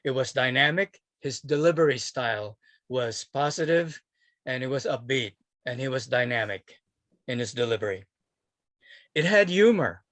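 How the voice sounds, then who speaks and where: A man's voice: mid-range voice, animated, normal speed, a bit bright, no room sound. A man giving a spoken evaluation at a speaking club, methodically listing the strengths he noted. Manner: methodical, listing points of praise. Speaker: speech evaluator. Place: club meeting room.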